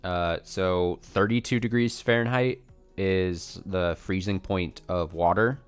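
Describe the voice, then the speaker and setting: A deep-voiced man talks loosely while streaming a game, drifting between topics and making fun of himself. Faint game music plays under his voice. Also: fairly even intonation, takes it slowly, smooth. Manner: rambling, self-deprecating, chuckling, answers chat questions. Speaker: let's play streamer. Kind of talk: casual chat while playing a game.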